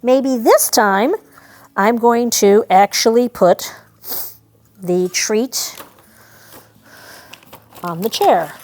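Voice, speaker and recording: A woman's voice: fairly high pitch, drawn-out words, pauses often, darkish tone. A woman training a service dog in a hands-on demonstration, explaining each step in a chatty, practical way and breaking off to give the dog short commands. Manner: talks to veterans directly.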